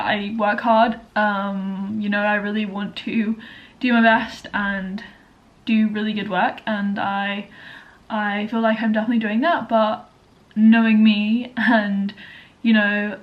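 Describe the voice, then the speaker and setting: A woman's voice: mid-range voice, muffled recording. A young woman, chatting casually to camera in a vlog, full of likes and you knows. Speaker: vlogger.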